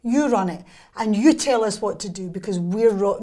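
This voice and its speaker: A Scottish woman from Scotland, a guest in an interview, talking in a casual way and telling lively stories with quick, wry humour. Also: medium pitch.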